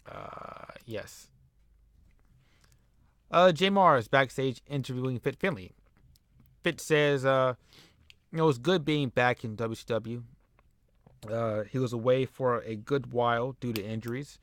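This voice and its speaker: A man's voice: mid-range voice, measured pace, pauses often, fairly bright tone, no room sound. A man casually recapping a wrestling simulation game, rambling with fillers and chuckles. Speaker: game commentator. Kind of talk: casual let's-play recap.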